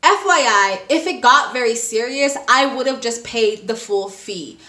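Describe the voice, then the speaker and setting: Bright, animated woman in an echoey room. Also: on the high side, a little slow. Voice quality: animated, acts out scenes. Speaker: travel vlogger. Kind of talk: casual storytime.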